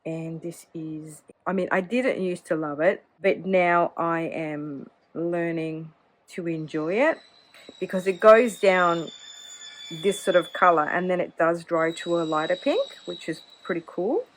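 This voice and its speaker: Chatty woman, slightly low voice. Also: unhurried, low-quality recording. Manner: chatty, hedging with many "kind of"s. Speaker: fountain pen vlogger. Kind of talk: cozy casual chat.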